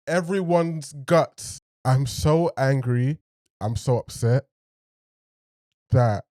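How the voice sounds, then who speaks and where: A man with a mellow, warm voice reacts to a TV episode for his channel, talking straight to his viewers. He is expressive, breaks into laughs and trails off mid-thought. The sound is dry and close. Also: medium pitch, no room sound. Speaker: TV reaction host. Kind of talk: emotional reaction commentary.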